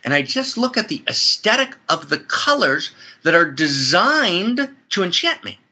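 A man's voice: high-pitched, big pitch swings, measured pace, sharp tone. A man speaking as an interview guest in a spiritual conversation, effusive and building to soaring emphatic peaks, talking from a friend's house.

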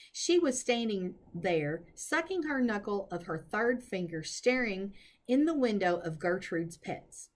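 A woman reads a children's novel aloud in a lively, expressive way. Her voice moves through a wide range of pitch as she tells the story. Her voice sits in a middle register for a woman. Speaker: reader.

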